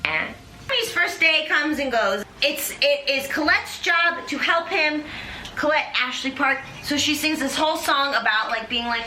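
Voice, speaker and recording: A woman's voice: high voice, animated, unhurried, bright, forceful tone. A young woman hosting a comedic chat, rambling playfully with lots of fillers. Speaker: host. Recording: echoey room with faint noise.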